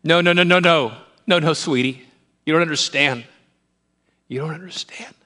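A man preaching who voices Jesus in a soft, hushed, reassuring tone. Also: fairly high pitch, moderate pace, pitched above the performer's own voice. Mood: tender hushed. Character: gentle, tender adult male Jesus.

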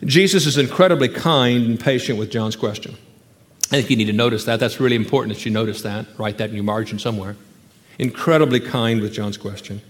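A man preaching a sermon, emphatic, with rhetorical questions and sudden drops into hushed, quiet passages. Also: medium pitch, brisk, long reverb tail. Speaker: pastor.

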